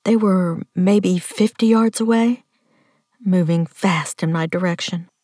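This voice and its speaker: Hushed, slow woman narrating a tense story. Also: on the low side, slightly rough, no room sound, clean studio sound. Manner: hushed, tense, often whispered. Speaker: audiobook narrator. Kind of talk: first-person story narration.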